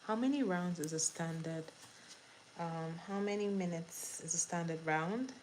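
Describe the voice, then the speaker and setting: Woman doing live trivia + makeup, slow, lowish voice, keeps repeating the question, faint room sound. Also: noisy background. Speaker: livestream host.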